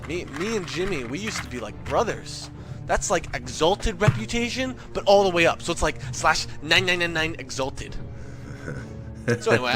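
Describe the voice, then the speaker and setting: A young man telling a comic gaming story as a rant, jumping into loud quoted voices. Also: on the high side. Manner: animated, swings into shouted quoted voices. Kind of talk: comedic gamer rant.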